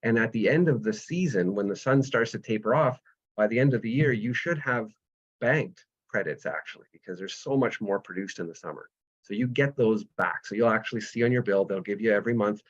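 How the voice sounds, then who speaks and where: A man, explaining solar power step by step with patient analogies in a webinar over a video call. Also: fairly low pitch. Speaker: solar energy presenter. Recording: dull lo-fi webinar audio.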